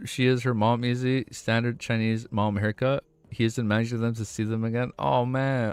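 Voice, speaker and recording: A man's voice: medium pitch, expressive, moderate pace, clear, resonant tone, faint music behind. A man streaming as he reads a novel aloud and reacts, stumbling and rereading lines, swearing casually, his voice getting worn.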